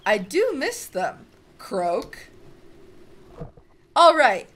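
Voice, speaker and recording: Woman playing a booming, bossy mother toad. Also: wildly swooping pitch, extremely slow, a bit bright, slight background noise, exaggerated voice. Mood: wistful. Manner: booming, grand, croaks between phrases. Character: big bossy mother toad, gruff and theatrical.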